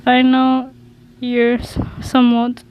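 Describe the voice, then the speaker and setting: A woman's voice: a little high, completely flat delivery, slow pace, a little mellow, slight background noise, low-quality recording. A woman voicing a hostile young man, a traitor, in an attempted Norwegian accent, reading a fan story aloud. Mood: snarling. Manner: snapping, snarling.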